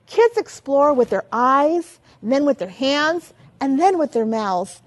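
An older woman giving a lively teaching talk as a children's ministry trainer, asking many rhetorical questions. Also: high-pitched, a little slow.

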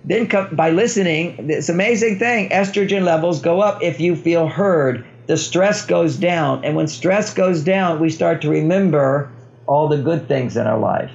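Older man, gravelly, somewhat high voice, relationship author, explanatory interview guest, dull lo-fi recording. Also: normal speed, a little mellow. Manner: explanatory, acts out quoted dialogue. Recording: dull lo-fi sound.

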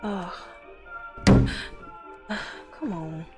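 A woman's voice: lowish voice, big pitch swings, extremely slow, over loud music. A woman nervously commenting on a horror game as she plays, gasping and laughing in fright. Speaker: gameplay streamer.

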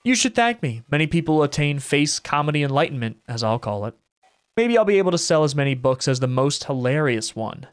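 A man voicing a sinister adult male mad scientist villain in a horror game, calmly menacing and smug. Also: fairly high pitch, a little fast, clear, resonant tone.

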